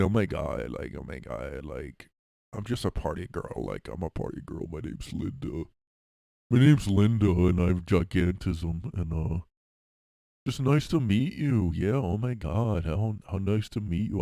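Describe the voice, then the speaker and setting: A man voicing a deep-voiced, bubbly party-girl woman with gigantism, gushing and repeating herself in a gravelly, slowed-down voice. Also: lively intonation, mellow, dry recording, studio quality, full character voice.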